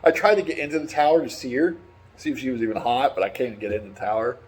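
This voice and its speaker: Husky, excitable, profane male vlogger. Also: mid-range voice, fast talker. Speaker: gaming vlogger. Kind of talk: casual opinion chat.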